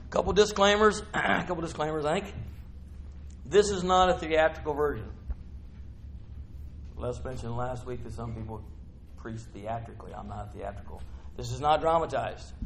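A middle-aged preacher with a drawl who talks to his congregation in a chatty, folksy way and now and then lifts into excited bursts. His voice sits at an ordinary middle pitch for a man. A faint hum of the church hall runs under the sermon.

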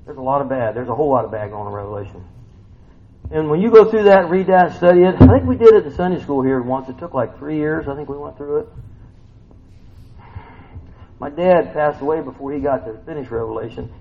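A man's voice: animated, quick pace, slight background noise. Folksy preacher in his fifties. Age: 50s. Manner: folksy, conversational preaching with rhetorical questions; swings between loud, high bursts and quiet, low reading. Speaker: pastor. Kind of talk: sermon. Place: church sanctuary. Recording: dull, lo-fi church recording with faint ambience.

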